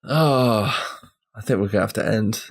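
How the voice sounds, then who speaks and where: Low-voiced man arguing on a podcast. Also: creaky. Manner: quick to cut in and argue points. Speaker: podcast co-host. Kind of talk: casual gaming podcast chat.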